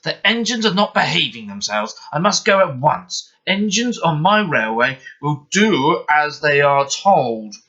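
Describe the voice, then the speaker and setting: A man's voice: fairly high pitch, very animated, measured pace, hardly any pauses, pushed and bright, highs cut off, voice pushed up, exaggerated voice. A man doing the stern, blustering Fat Controller. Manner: firm, commanding, blustering. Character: stout, stern, fussy male railway boss.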